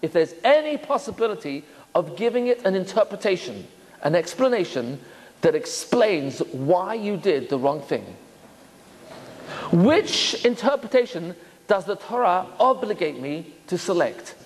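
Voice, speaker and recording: Animated preacher, man, high and lively. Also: a little slow. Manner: storytelling, asks rhetorical questions, acts out quotes. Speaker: rabbi. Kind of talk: sermon. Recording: reverberant hall.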